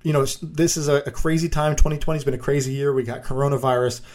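A man's voice: mid-range voice, fairly even intonation, fast, darkish tone. A man hosting a podcast, asking questions in an easygoing, enthusiastic way. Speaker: podcast host. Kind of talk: casual podcast chat.

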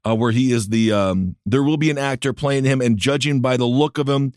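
A man's voice: medium pitch, brisk, darkish tone, clear, resonant tone, no room sound, clean studio sound. A man co-hosting a comedy podcast, adding wry joking asides. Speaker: podcast co-host. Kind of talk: casual comedic chat.

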